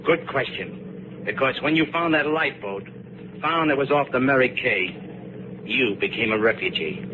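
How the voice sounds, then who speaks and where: A man's voice: mid-range voice, animated, normal speed, lightly acted. A man playing a cruel, gloating smuggler captain who sneers and taunts, in 1950s radio drama. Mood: gloating menace. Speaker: ship captain. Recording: scratchy old radio broadcast, noisy, narrow band.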